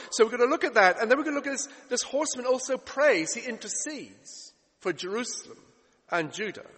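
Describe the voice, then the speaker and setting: A man's voice: high-pitched, a bit bright, big-room sound. A man preaching a sermon in an expository style, asking rhetorical questions and piling up repeated phrases for emphasis.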